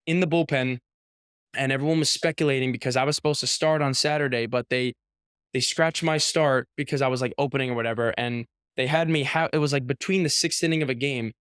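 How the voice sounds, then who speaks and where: A young man in his twenties, a guest on an interview show, telling a story in a casual, animated way with lots of "like" and acted-out quotes. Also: medium pitch, fast, clean tone, no room sound, studio quality. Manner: animated storyteller, heavy use of "like", acts out quotes. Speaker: professional baseball pitcher, guest.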